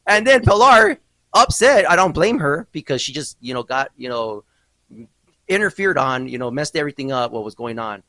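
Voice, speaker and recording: Animated, bright-voiced man hosting a podcast. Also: on the high side, moderate pace, no echo, poor audio. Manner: animated storytelling with mock outrage. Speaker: podcast host. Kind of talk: casual podcast chat.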